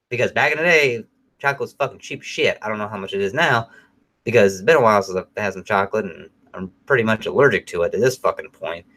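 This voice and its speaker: A man's voice: on the low side, quick pace. Profane rambling middle-aged man. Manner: profane, rambling, animated storytelling. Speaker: podcast co-host. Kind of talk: casual rambling chat.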